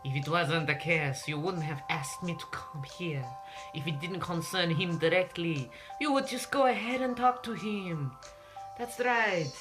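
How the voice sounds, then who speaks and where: A woman voicing a suave, teasing male French detective with a put-on French accent, drawling theatrically over loud game music. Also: on the low side, animated, unhurried. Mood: knowing.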